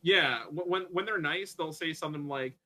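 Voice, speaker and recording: A man's voice: a little high, moderate pace, bright, forceful tone, low-quality recording. A man interviewing a guest in a casual chat, friendly and chatty, often restarting his sentences. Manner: chatty, friendly, self-correcting.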